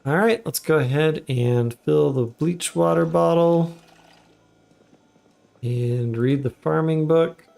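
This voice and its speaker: A man giving relaxed, chatty commentary while live streaming a game. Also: fairly high pitch, slow pace, gravelly, faint music behind. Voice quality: relaxed, chatty, laughs often.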